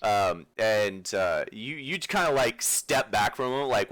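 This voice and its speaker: A man's voice: mid-range voice, expressive, a little slow, hardly any pauses, a bit bright. A man running a tabletop game as dungeon master, laughing often and talking in a loose, rambling way.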